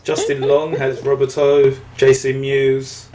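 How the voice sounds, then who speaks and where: A man's voice: medium pitch, flat delivery, slow, background noise. A man hosting a casual podcast chat, laughing often and reading out a cast list with plenty of fillers. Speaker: podcast host.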